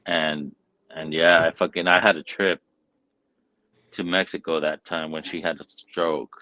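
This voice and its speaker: A man with a very deep voice talks in a casual, rambling way, dropping profanity constantly as he tells a story. He sounds like a relaxed, unscripted podcast host. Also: unhurried, no room sound, low-quality recording. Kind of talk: casual chat.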